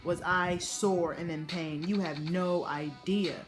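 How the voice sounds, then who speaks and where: A woman's voice: fairly low pitch, takes it slowly, faint music behind. A young adult woman from the United States telling a casual vlog story, swearing freely and acting out what people said in raised voices. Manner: animated, profane, acts out quotes in raised voices. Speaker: vlogger.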